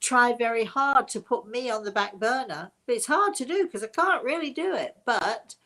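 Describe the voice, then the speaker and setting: An older woman hosting a casual chat for her webinar audience, rambling warmly with many restarts and bursts of laughter. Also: on the high side, animated, normal speed. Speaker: host.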